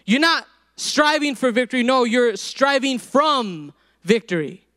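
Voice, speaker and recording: A man's voice: very high-pitched, animated, unhurried, sharp tone. A man preaching a sermon to a congregation, building to emphatic peaks and joking with the crowd.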